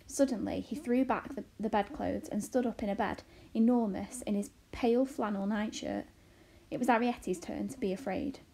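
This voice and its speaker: Breathy woman reading a children's novel. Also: medium pitch, dark tone. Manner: slow, careful reading with self-corrections. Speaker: teacher reading a novel aloud.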